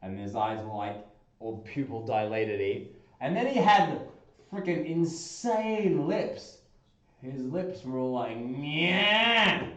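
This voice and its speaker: A man hosting a casual livestream, chatting playfully with viewers and breaking into goofy squeaky bursts. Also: slow pace, a bit bright. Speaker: livestream host. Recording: roomy echoey room.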